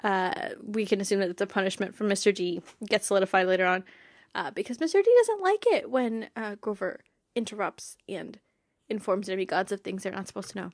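A young woman chats on her podcast in a bubbly, giggly way, her sentences full of fillers. Her voice sits at an ordinary middle pitch for a woman. The sound is dry and close, with no room around it. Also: expressive, brisk, darkish tone, dry recording. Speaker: podcast host. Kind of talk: casual fan podcast chat.

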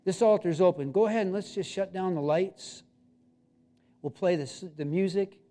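Emphatic high-voiced male pastor. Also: normal speed, mellow. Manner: emphatic, pleading preaching with rising intensity. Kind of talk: sermon. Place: church sanctuary.

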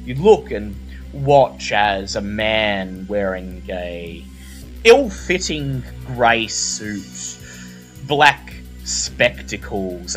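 A man narrating a tabletop role-playing game as game master, telling the story slowly and deliberately. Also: fairly low pitch, fairly bright tone, rough recording.

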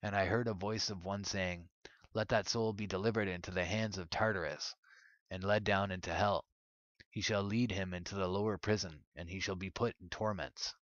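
A man reading an ancient religious text aloud in a measured, solemn way. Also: sits low, steady tone, a bit bright, no echo, highs cut off. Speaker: narrator.

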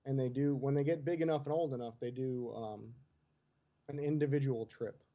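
A man's voice: medium pitch, steady tone, moderate pace. A man co-hosting a casual sports chat from home, laid-back and easygoing. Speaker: co-host. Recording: dull lo-fi line with faint noise.

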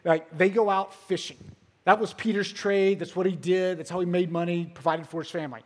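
A man giving a sermon as a pastor, telling the story casually with filler words and swinging between loud emphasis and hushed moments. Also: high-pitched, fairly even intonation, a little fast, big-room sound.

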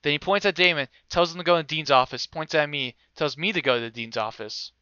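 A young man casually telling a story, animated and swearing freely, acting out other people's voices. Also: on the high side, quick pace, clean tone, no room sound, highs cut off.

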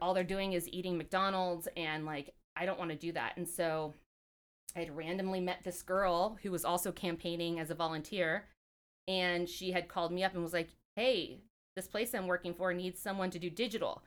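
A woman from California with a voice on the lower side, talking casually as an interview guest. She rambles through her stories, leaning on lots of "like"s and "um"s. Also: a bit bright. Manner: chatty, rambling, many fillers and "like"s. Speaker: podcast guest.

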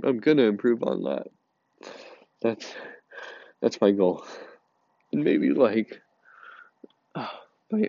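A man in a personal confessional monologue, halting and repeating words, angry and overwhelmed. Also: mid-range voice, creaky, a little mellow, no echo, dull audio. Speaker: podcast host.

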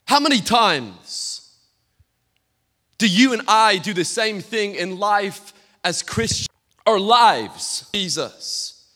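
A Scottish man preaches from the pulpit, spinning funny stories and tripping over repeated words. His voice sits high and sounds sharp and forceful. The sermon rings out with a long reverb through a church hall. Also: expressive, slow. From Scotland. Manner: humorous storytelling, stammering repeats. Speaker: guest pastor.

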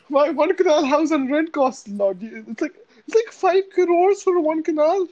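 A man's voice: very high-pitched, expressive, measured pace, a little mellow, lo-fi sound. Giggly man. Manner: joking, giggly, stammers and repeats words. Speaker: podcast co-host. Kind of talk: casual chat.

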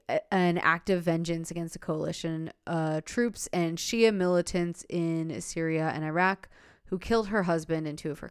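A woman's voice: low-pitched, clean tone, no echo, clean studio sound. A woman hosting a podcast who tells a story in a rambling, casual way, with lots of fillers and laughter. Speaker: podcast host.

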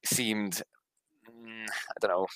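Man, podcast co-host, bright forceful voice, lowish pitch, hesitant casual chat, dry close sound. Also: steady tone, takes it slowly, clean tone, no room sound, low-quality recording. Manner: hesitant, hedging with "like" and "sort of".

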